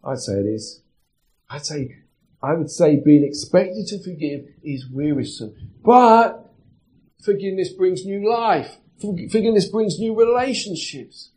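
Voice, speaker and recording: A pastor preaches a sermon in a high-sitting, expressive voice, measured in pace and a little mellow. He's chatty, putting questions to the congregation, and the recording is low quality.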